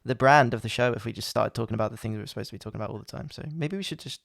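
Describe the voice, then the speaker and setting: A man co-hosting a casual podcast chat, full of quick, teasing banter. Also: medium pitch, creaky. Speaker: podcast co-host.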